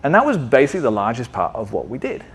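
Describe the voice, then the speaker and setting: A man's voice: medium pitch, wildly swooping pitch, fast, breathy edge. Chatty man giving a tech meetup talk. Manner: conversational, asks frequent "right?" checks. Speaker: conference speaker.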